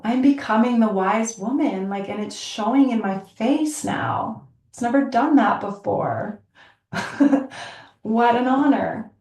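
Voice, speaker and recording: Earnest woman teacher, chatty and warm-paced, recorded a bit off-mic in an echoey room. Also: medium pitch. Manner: earnest, chatty, laughs often, many likes and you-knows. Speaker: yoga teacher and podcast host. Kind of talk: reflective casual talk. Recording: roomy, from a distance.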